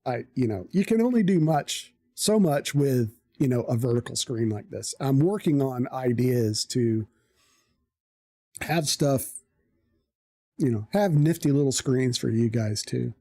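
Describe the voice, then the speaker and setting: A live streamer tells a story to their chat in an unhurried, drawn-out way, and the voice sits dark and mellow. The talk is blunt and salted with profanity, easygoing but frank. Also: mid-range voice, expressive, dry recording, studio quality. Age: adult parent.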